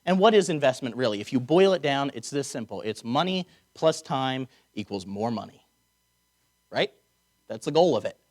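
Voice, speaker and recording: Man preaching a conversational sermon. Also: medium pitch. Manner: conversational, wry asides, slows to stress key words. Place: chapel or auditorium.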